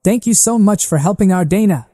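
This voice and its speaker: A man voicing a gentle, gracious duchess and warm mother. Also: high-pitched, brisk, long reverb tail, voice pushed up.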